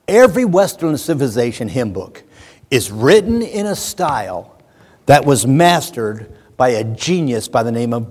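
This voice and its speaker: A man preaching a lively sermon in a church, animated, shouting at times as he acts things out. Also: medium pitch. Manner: animated, shouts when acting out a fan. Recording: church hall with long reverb.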